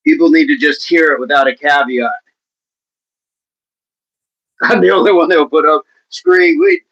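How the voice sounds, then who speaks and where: A man hosting a fitness livestream in a casual, upbeat way, chatting and giving playful shout-outs to viewers by name. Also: fairly high pitch, muffled recording. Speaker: livestream host of a fitness channel. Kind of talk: casual livestream chat, reading out viewer comments.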